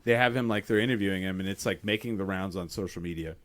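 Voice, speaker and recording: Low-voiced guy on a podcast, cussing a lot and doing everybody's lines in his story. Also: quick pace. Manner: profane, animated storytelling acting out quotes. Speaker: podcast host. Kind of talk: casual chat.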